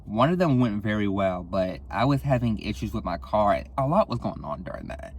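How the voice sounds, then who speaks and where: A young man hosting a solo podcast, speaking candidly and casually, swearing a lot, sighing often and jumping up in pitch for dramatic effect. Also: big pitch swings, moderate pace, a little mellow. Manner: candid and profane, with frequent sighs; dramatic, with sudden jumps in pitch. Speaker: podcast host.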